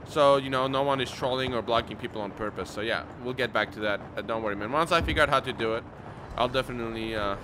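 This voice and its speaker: A young man hosting a gaming channel, giving excitable let's play commentary with loud whoops and shouts. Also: medium pitch, slight background noise. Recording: game music playing underneath.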